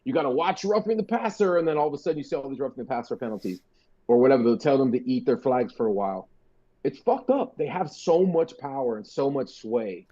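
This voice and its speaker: A man's voice: mid-range voice, animated, fast talker, dark tone, dull audio. A man co-hosting a sports podcast, talking casually with a profane, joking, rambling manner. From United States. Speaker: podcast co-host.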